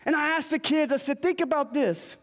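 Man, very high voice, sermon, storytelling preacher, long church reverb. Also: fairly quick, fairly bright tone. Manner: storytelling, acts out the dialogue in scripture. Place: church sanctuary.

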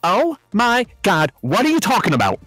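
A woman's voice: medium pitch, wildly swooping pitch, very slow, warm tone, faint music behind, heavily acted. A woman voicing a snooty, sassy young woman with a Californian flair, haughty and whiny.

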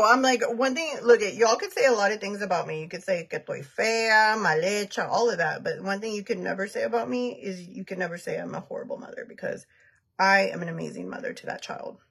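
Gravelly, husky woman in her thirties. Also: medium pitch, fairly bright tone. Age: 30s. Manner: chatty and blunt, answering viewer comments, laughs often. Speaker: makeup artist livestreaming a tutorial. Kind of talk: casual livestream chat while doing makeup.

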